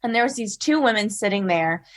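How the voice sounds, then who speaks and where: A woman's voice: medium pitch, lively intonation, brisk. A young woman, a podcast guest, telling a personal story in a chatty, earnest way with lots of "like" and "you know". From South Carolina. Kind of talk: casual storytelling in an interview.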